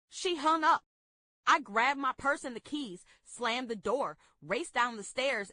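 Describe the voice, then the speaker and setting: A woman reading a memoir aloud at a book club in a steady, expressive way. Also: a little high, dry recording.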